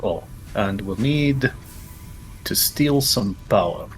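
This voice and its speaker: A man's voice: on the low side, lively intonation, slow pace, soft background music. A male streamer chatting while he plays, putting on a fake Russian accent and dropping his articles. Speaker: streamer and host. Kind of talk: casual gaming livestream chat.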